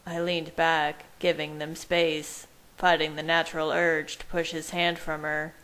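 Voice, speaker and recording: Low-voiced woman reading fan fiction. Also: little pitch movement, a little slow, fairly bright tone, clear, resonant tone, rough recording. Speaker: reader. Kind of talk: fan fiction narration in first person.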